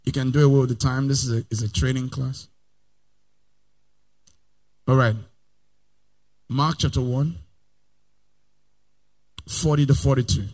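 A man preaching a sermon in a sing-song cadence, swelling loud, then dropping soft and slow between Bible readings. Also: medium pitch, fairly even intonation. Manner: calls for Bible verses from assistants between readings.

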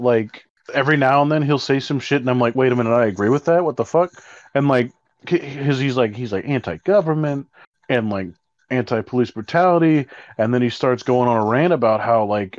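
Here a man of medium pitch recounts a work story as co-host, exasperated and rambling, cursing without restraint. It's a dry, slightly dull recording with no echo.

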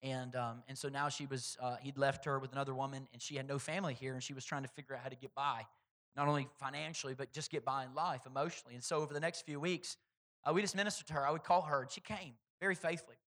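A man preaching a sermon as pastor, swinging between loud, stressed points and quiet, hushed storytelling. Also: mid-range voice, steady tone, fast.

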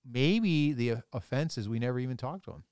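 A man's voice: medium pitch, animated, fairly quick, darkish tone, clean tone, no echo, studio quality. A man, a priest co-hosting a podcast, chatting casually and rambling, often restarting his sentences. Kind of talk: casual chat.

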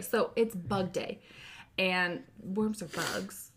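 A woman in her thirties telling a funny story in casual chat, acting out the quotes with an animated delivery. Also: mid-range voice, slow pace. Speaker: podcast co-host.

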